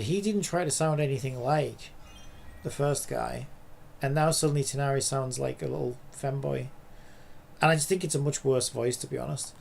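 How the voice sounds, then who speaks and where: Male streamer at mid pitch, a little fry in the voice, loose rambling chat. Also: a little mellow, slight background noise. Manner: rambling, lots of "like" and "you know". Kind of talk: casual commentary while gaming.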